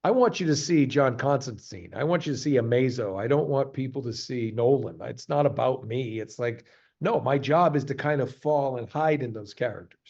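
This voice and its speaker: Animated man, slightly muffled lo-fi audio. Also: medium pitch, vocal fry. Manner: animated, halting, jumps to quick voice demos. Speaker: voice actor guest. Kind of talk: casual interview chat.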